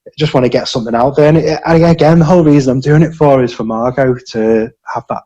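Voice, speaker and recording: A man in his early forties from Britain talks casually as a podcast guest. He hesitates often, restarting his sentences and leaning on fillers, in a voice of ordinary male pitch. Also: mellow, lo-fi sound. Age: 40s. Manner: halting, with many restarts and fillers. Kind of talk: casual interview chat.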